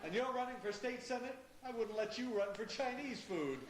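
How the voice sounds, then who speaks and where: An actress on stage playing a sarcastic, wealthy woman with quick, biting comebacks. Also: on the high side, lively intonation, natural voice. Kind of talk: live stage acting. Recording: echoey stage recording with loud noise.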